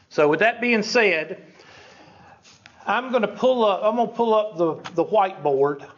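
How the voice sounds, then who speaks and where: Folksy male teacher, lo-fi classroom audio. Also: fairly high pitch. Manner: folksy, self-deprecating, frequent "okay?" check-ins. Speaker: statistics teacher. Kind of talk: classroom lecture. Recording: dull lo-fi lecture recording.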